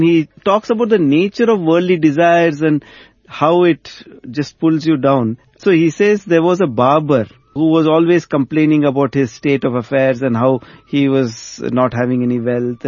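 Brief: lively male storyteller, somewhat high voice, dull dry recording. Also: dry recording. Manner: animated storyteller. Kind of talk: storytelling in spiritual conversation.

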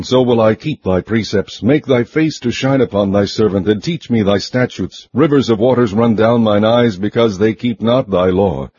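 A man reading scripture aloud in a measured, even, solemn recitation. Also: lowish voice, breathy edge, no echo. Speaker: scripture reader. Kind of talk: steady scripted Bible reading. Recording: muffled lo-fi recording.

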